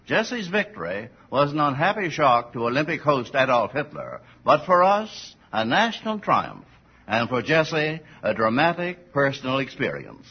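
Guy narrating a documentary, measured, husky, dull lo-fi sound. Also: medium pitch, huge pitch swings. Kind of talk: scripted narration.

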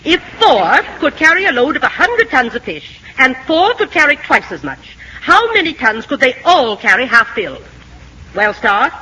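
A stern, prim schoolmistress in a vintage film. Her speech is formal and clipped, with a lively rise and fall. The voice is bright and a bit husky. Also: high-pitched, normal speed, full character voice, poor audio. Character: prim, strict middle-aged schoolmistress. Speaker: teacher. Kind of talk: 1940s film acting.

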